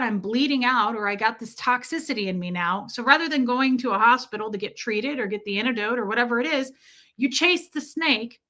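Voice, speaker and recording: A woman hosting a live stream, chatting casually and reflectively while answering viewer comments, slowing down to stress key phrases. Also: fairly high pitch, bright, forceful tone. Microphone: streaming mic.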